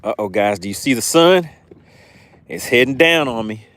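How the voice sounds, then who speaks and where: A man's voice: medium pitch, expressive, normal speed, a bit bright, dry recording. Man, Southern Georgia accent, casual fishing-stream host, chatty, dry close sound. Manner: chatty, reads viewer comments aloud with amused asides. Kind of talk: casual livestream chat reading comments. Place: on a boat on a lake outdoors.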